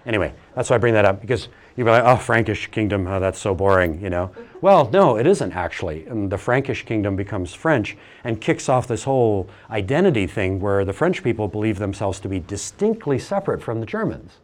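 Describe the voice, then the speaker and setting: A middle-aged man giving a classroom lecture, animated and teasing, asking the class questions as he goes. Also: on the low side, brisk, hardly any pauses.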